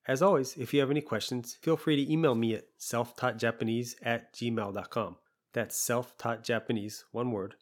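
In this language lesson, a man with a mid-range voice explains things patiently, repeating example phrases slowly.

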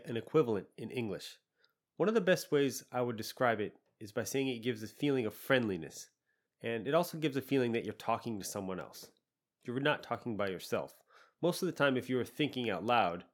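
A man teaching a podcast language lesson, explaining patiently and saying example phrases slowly. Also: medium pitch.

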